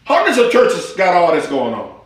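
A man's voice: high voice, huge pitch swings, normal speed, heavy reverb. A man preaching a sermon as pastor, folksy and humorous, with rising exclamations.

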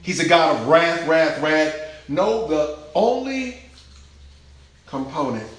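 Man, preaching, rhythmic repetition, loud-to-hushed swings, slightly high voice, roomy church echo. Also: animated, slow pace. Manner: swings from shouted exclamations to hushed near-whispers. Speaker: pastor. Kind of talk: preaching sermon. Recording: echoey room.

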